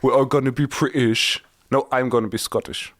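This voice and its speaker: A man's voice: mid-range voice, fairly even intonation, a little fast, fairly bright tone. A German man co-hosting a podcast, joking and playful in casual chat. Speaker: podcast co-host.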